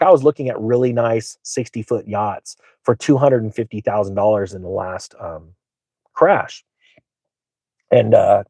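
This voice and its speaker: Excitable middle-aged man telling stories. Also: mid-range voice, husky, dry recording. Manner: excitable, boastful, rambling with many fillers. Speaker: finance channel host. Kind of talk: casual storytelling monologue.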